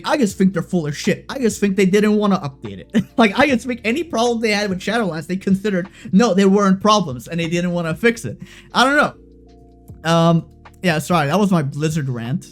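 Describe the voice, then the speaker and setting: Young guy streamer going off on a heated sweary rant, pretty high voice, lil bit of music in the back. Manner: heated, profane ranting with frequent fillers and restarts. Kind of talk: casual rant to stream chat.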